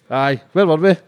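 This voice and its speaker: A man's voice: high-pitched, smooth. A Scottish man with a Glaswegian accent hosting a podcast interview, joking, swearing and teasing. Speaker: podcast host. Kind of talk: casual interview chat.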